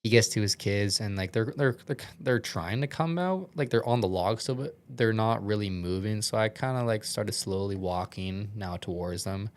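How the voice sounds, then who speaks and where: A man's voice: fairly low pitch, moderate pace, few pauses. A young man, a podcast guest, telling a story in a casual, rambling way with many filler words and some swearing, earnest and shaken.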